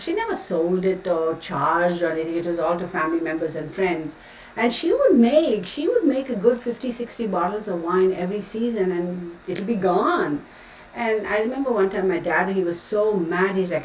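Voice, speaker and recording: A tarot reader chats loosely with her livestream audience, reading their comments aloud as she rambles. Her voice is fairly low and moderately paced, captured far from the mic in an echoey space with faint noise in the room.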